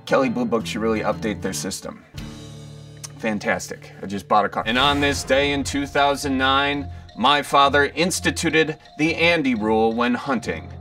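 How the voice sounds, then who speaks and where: A man, telling a comic story in a folksy, animated way. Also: mid-range voice, normal speed, far from the mic, over music. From Wisconsin. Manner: animated, folksy, acts out quotes. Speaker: storyteller comedian.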